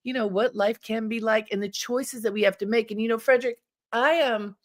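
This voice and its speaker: A woman's voice: fairly high pitch, fairly even intonation, fairly quick. A woman hosting a radio interview show, speaking emphatically and encouragingly to her guest.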